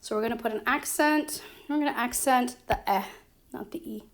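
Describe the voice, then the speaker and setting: This Spanish teacher's voice sits fairly high, with a faint hiss or hum in the background. Walking her class through grammar, she stays slow and patient, regularly asking "okay?" or "right?" to make sure they follow.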